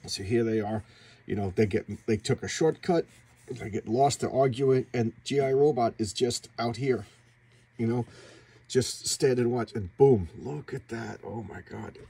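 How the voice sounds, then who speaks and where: Excited man recapping a comic. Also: medium pitch, unhurried, creaky, slightly rough, dry recording. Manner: excited storytelling with sound effects and acted-out quotes. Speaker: comic book reviewer. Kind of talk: casual comic book recap.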